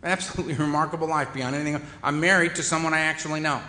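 A man's voice: a little high, steady tone, rapid-fire, bright, forceful tone. A man telling a humorous personal recovery story to an audience in a wry, self-mocking, conversational way. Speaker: speaker sharing his recovery story. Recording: echoey hall reverb.

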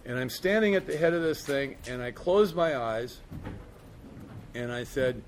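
Telling the story of his recovery, a middle-aged man rambles openly and fills his speech with "man" and "you know." He sounds animated and unhurried in a mid-range voice, with a slight hiss or hum present.

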